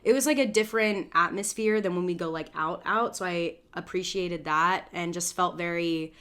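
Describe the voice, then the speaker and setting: A woman co-hosting a podcast, chatting casually and telling a lively, profane story with acted-out voices for the people in it. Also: fairly low pitch, normal speed. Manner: animated storyteller, swears freely, acts out quoted people. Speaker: podcast co-host. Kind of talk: casual chat.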